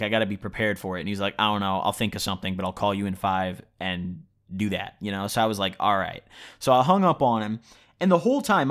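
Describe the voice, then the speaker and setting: A man's voice: fairly low pitch, a bit bright. A young man vlogging, telling a casual story in a rambling, profane way with lots of fillers.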